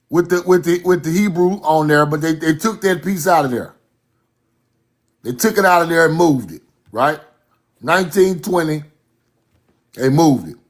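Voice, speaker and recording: Slow, emphatic man lecturing over slides. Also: high voice. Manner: emphatic, repeats points, directs slides.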